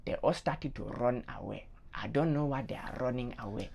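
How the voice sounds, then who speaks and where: A man voicing a calm, reassuring narrator in a comedy sketch. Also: medium pitch, moderate pace, vocal fry, breathy edge. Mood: soothing.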